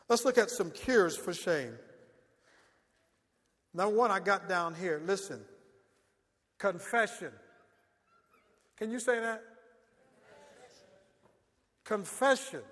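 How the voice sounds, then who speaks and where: A man's voice: high-pitched, a bit bright, in a large hall. A male pastor preaching a sermon in call-and-response style, often telling the congregation to listen.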